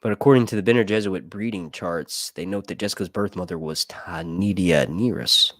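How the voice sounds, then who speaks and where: Speaking fairly quickly in a low, slightly bright voice, this male film reviewer rambles profanely through his movie commentary, cracking jokes and reading passages out loud. The sound is dry and clean, like a studio.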